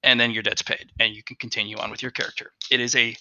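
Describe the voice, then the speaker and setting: A man narrating as game master of a tabletop game, animated and restarting often as he explains the rules. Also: medium pitch, fast. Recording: dull lo-fi dry recording.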